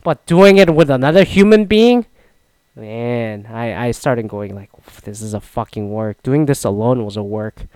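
A young man casually recounting a solo trip, rambling and swearing, with loud mock-outraged outbursts. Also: mid-range voice, animated, measured pace, clean tone, no echo. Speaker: vlogger recapping a solo trip. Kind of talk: casual profane storytelling.

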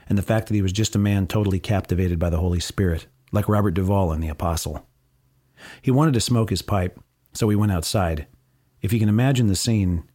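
A man's voice: deep voice, darkish tone, no room sound, studio quality. An American man reading his travel diary aloud with wry, sardonic asides. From United States. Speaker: narrator.

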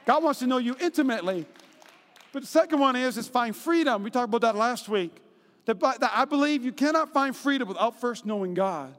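High-voiced pastor preaching in a reverberant hall. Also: male voice, brisk. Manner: animated storytelling, acts out quotes in high voices. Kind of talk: sermon. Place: church auditorium.

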